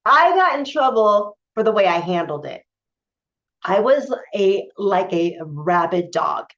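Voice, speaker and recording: A spiritual coach speaks a little slowly in a sing-song, mid-range voice. Telling a personal story to camera, she's candid and emphatic, with plenty of fillers and restarts, and the lo-fi recording sounds dull.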